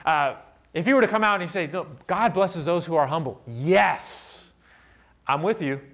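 A man delivering a sermon as a pastor, swinging from loud emphatic peaks to quiet asides and putting rhetorical questions to the congregation. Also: on the high side, lively intonation, normal speed. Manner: asks the audience rhetorical questions.

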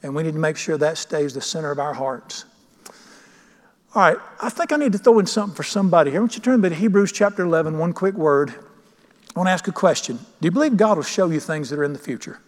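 A man's voice: fairly high pitch, lively intonation, quick pace. A pastor preaching a sermon, emphatic and questioning his congregation. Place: church sanctuary. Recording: long church reverb.

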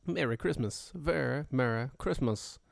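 A man's voice: mid-range voice, a little slow, creaky, no echo, studio quality. A man hosting a livestream, casually chatting with viewers and humming to himself while setting up. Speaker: livestream show host. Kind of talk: casual pre-show chat to viewers.

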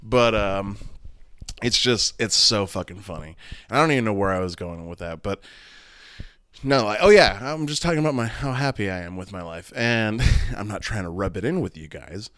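Speaking at a normal speed, this podcast host in his thirties sounds animated, his lowish voice a bit bright. He rambles through a casual solo show, candid and profane, often restarting and laughing. There's no echo.

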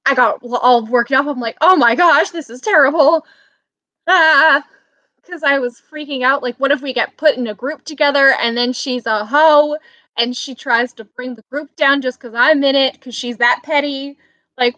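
A young woman in college telling a story over a video call, animated and breaking into loud exclamations. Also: sits high, dry recording, muffled recording. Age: young adult. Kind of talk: casual chat.

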